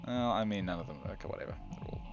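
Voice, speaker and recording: A man's voice: fairly low pitch, very fast, lo-fi sound, over music. A man hosting his gaming channel, rambling in casual gameplay commentary, self-deprecating and talking straight to the viewer.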